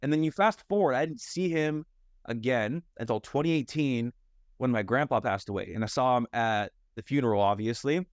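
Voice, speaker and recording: A man's voice: medium pitch, moderate pace, no echo, clean studio sound. A young American man, a mindset and fitness coach, candidly telling his life story in a podcast conversation, rambling with lots of "like" and "you know". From United States.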